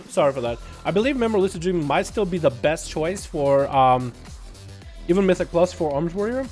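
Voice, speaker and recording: A man's voice: fairly high pitch, animated, normal speed, pauses often, darkish tone. Young male streamer, casual commentary, laughs and swears easily, faint music underneath. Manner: laid-back, laughs often, swears casually. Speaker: gaming streamer. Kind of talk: casual gaming livestream commentary.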